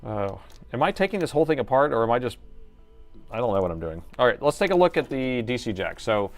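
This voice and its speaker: Soft music plays behind a middle-aged man streaming laptop repairs live from his workshop. His mid-range voice is very animated and fast as he rambles, jokes, thinks out loud and sometimes shifts into an announcer's tone.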